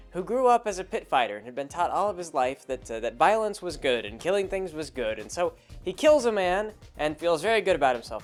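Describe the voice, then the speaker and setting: A man's voice: a little high, big pitch swings, a little fast, few pauses, soft background music. A man telling a rambling, casual story about a tabletop game, acting out the characters as he goes. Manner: rambling, with many fillers and restarts, acting out characters. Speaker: podcast host telling a story.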